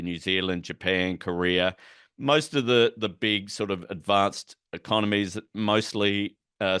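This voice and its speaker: A man with a low, smooth voice walks listeners through an economic policy lesson in a relaxed, conversational way. He explains terms as he goes and drops in wry asides. The sound is close and dry, with no room echo. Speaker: policy educator. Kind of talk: recorded explanatory lecture.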